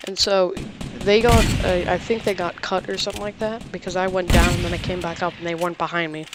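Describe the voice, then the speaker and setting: A teenage boy casually telling a story about his day, rambling with halting restarts and lots of "like". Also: sits high, little pitch movement, background noise. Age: teens.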